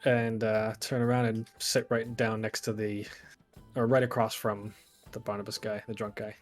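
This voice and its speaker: A man's voice: lowish voice, level tone, moderate pace, faint music behind. A man playing a tabletop game, describing his character's actions in a loose, rambling way. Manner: rambling, lots of fillers. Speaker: player. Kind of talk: casual tabletop game narration.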